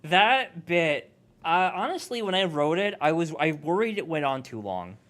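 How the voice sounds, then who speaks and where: A man's voice: a little high, sing-song, moderate pace, a bit bright. A man hosting a casual livestream commentary, chatty and self-deprecating. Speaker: host.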